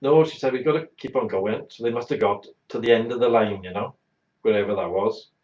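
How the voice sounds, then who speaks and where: A man's voice: on the low side, a little fast. A man hosting a talk show, telling a blunt, exaggerated, bawdy comic anecdote. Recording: roomy, dull lo-fi sound.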